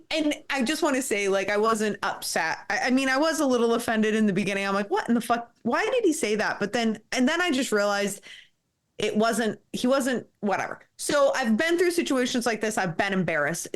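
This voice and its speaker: A woman in her thirties speaks as a podcast guest, recounting her experiences in a frank, candid way. She curses without hesitation and laughs often between points. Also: mid-range voice. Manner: blunt, profane, laughs often. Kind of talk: candid interview storytelling.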